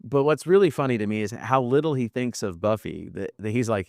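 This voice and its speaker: A man's voice: medium pitch, lively intonation, a little fast, vocal fry, hardly any pauses, darkish tone, no echo, clean studio sound. A man co-hosting a podcast, recapping a TV episode in wry, chatty talk. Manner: chatty, wry, repeats words when restarting. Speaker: podcast co-host. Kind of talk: casual TV episode discussion.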